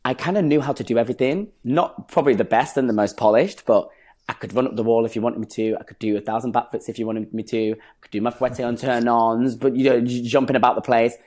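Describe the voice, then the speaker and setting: Lively young man. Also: mid-range voice, fast. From northern England. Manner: animated, acts out quoted voices, laughs often. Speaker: guest, stage performer. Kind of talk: casual interview storytelling.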